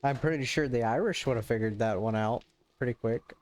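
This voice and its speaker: Joking male game streamer, mid pitch. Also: brisk. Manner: joking, laughs often, stammers and restarts. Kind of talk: casual live-stream chat.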